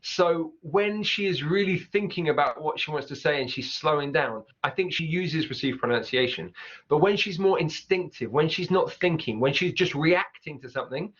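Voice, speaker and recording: A man's voice: fairly high pitch, fairly bright tone, slightly rough. Man breaking down pronunciation. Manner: repeats words slowly to demonstrate. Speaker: accent teacher. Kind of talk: explaining pronunciation over clips. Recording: dull lo-fi sound.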